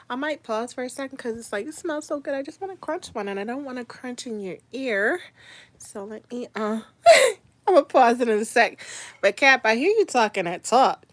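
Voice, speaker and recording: A woman chats on a live stream, laughing and teasing her commenters. Her voice sits a little high and swings widely in pitch. The sound is close and dry. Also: a bit bright, no echo. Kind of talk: casual live chat reading comments.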